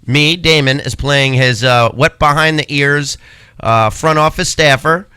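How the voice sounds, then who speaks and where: A man joining an improvised political sketch on a live stream, quick and agreeable. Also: fairly high pitch, bright, forceful tone, clear, resonant tone, no echo. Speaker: sketch performer playing a young staffer.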